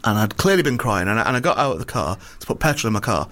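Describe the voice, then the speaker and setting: A man's voice: on the low side, racing. A man, a comedian chatting casually and telling a story, acting out each side of the exchange, sweary and self-deprecating. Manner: animated storytelling, acts out both sides of dialogue. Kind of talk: casual chat.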